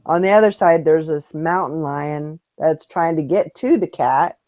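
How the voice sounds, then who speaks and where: A woman's voice: deep voice, a little slow, darkish tone, dry recording. A woman hosting a morning online hangout, chatting casually and telling stories in a rambling way with restarts. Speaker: host of a morning hangout show. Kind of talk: casual chat. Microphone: online video hangout.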